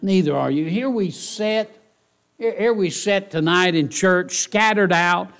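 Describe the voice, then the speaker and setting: A man preaching a sermon in church, folksy and animated, often asking the congregation rhetorical questions. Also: high voice, slow pace. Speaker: pastor.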